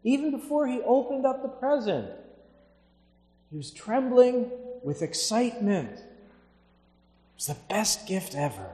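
A Catholic clergyman reading the Gospel in a measured, solemn way, then telling lively anecdotes in his homily. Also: extremely high pitch. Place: large church. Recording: echoey church with long reverb.

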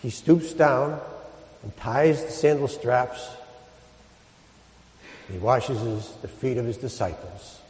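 Guy priest giving a homily, middle pitch, lots of questions then quiet slow punchlines, churchy echo. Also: expressive. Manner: storytelling, rhetorical questions, soft dramatic drops. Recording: echoey church hall.

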